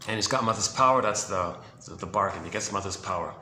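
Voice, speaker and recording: A man casually talking through quotes, meandering and correcting himself as he goes, with soft chuckles. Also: deep voice, fast talker. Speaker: host presenting quotes. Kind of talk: casual rambling talk. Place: indoor room. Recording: echoey room with background noise.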